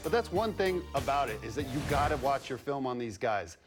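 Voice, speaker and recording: A man's voice: medium pitch, animated, a little fast, music in the background. Male ex-player breaking down game film. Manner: explanatory, conversational, a bit jokey. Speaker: basketball analyst and former player. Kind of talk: studio film breakdown commentary.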